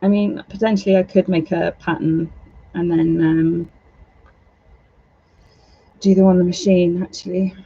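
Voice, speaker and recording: A woman's voice: fairly low pitch, level tone, unhurried, pauses often, mellow, breathy edge, lo-fi sound. A woman chatting in a rambling, self-deprecating way while working on a craft project at home. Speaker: doll maker. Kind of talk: casual vlog chat while crafting.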